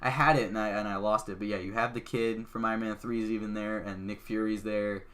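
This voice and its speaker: A man hosting a podcast, excitedly retelling a film in a casual, chatty way full of "like" fillers. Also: on the low side, a little fast. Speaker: podcast host. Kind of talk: casual movie recap.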